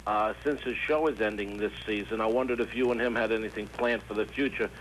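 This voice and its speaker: A man calling in to a talk show, asking his question haltingly with fillers. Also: fairly low pitch, steady tone, a bit bright, a little hiss or hum, low-quality recording. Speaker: caller.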